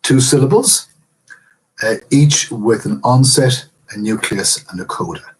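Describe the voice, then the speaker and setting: Slow, husky-voiced male lecturer. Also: medium pitch, low-quality recording. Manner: patient, explains step by step with frequent pauses. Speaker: university lecturer. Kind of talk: recorded class lecture.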